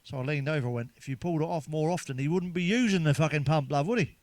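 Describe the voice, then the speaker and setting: Delivering crude stand-up jokes to camera at a quick pace, a middle-aged comedian with a voice on the high side swears frequently and laughs at his own punchlines. The recording is dry.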